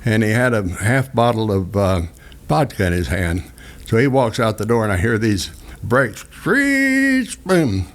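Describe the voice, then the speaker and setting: Older man, low folksy voice. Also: moderate pace. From southeast Texas. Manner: folksy, rambling anecdotes with restarts and chuckles. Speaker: radio host telling stories. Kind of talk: casual storytelling chat.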